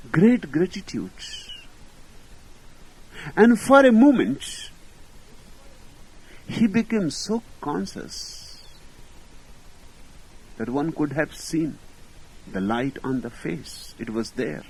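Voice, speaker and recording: Man, spiritual teacher, very slow, husky, long pauses, storytelling discourse. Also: fairly high pitch, lively intonation, a little mellow, low-quality recording.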